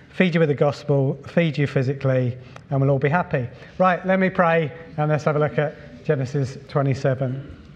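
A middle-aged man preaching a sermon as pastor, relaxed and conversational, with many fillers and repeats. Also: fairly high pitch. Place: church hall. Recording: long reverb from a large hall.

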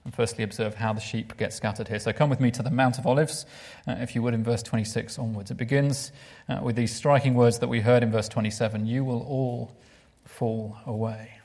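A man's voice: medium pitch, quick pace, hardly any pauses. Man preaching a sermon. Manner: expressive, drops to a hushed voice for emphasis; asks the listeners rhetorical questions.

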